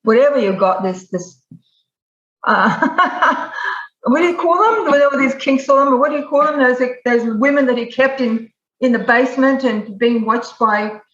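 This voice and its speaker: Woman, casual chat, questioning, fairly high voice, echoey room. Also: moderate pace, a bit bright. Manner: questioning, joins the debate. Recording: echoey dull sound.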